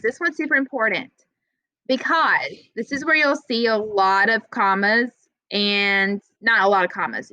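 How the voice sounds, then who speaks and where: A young adult woman teaching an online writing class, patient and encouraging, reading example sentences slowly. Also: a little high, bright, forceful tone, no echo, dull audio. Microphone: video call.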